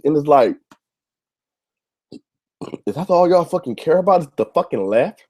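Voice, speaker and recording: Man, show host, angry rant, swears a lot, repeats himself, warm dark tone. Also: a little high, lively intonation, unhurried. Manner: heated, profane, repetitive. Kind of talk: ranting monologue to camera.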